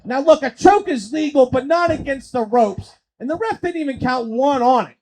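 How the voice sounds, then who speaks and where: High-voiced excitable wrestling commentator man. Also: brisk, hardly any pauses, rough recording. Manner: excitable, profane, swings into shouting. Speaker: play-by-play commentator. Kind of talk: live streamed wrestling commentary.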